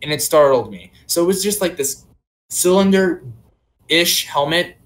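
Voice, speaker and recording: His voice sits fairly high and is expressive, and he takes a measured pace. He's a young podcast co-host drifting through a long personal anecdote full of "um" and "like."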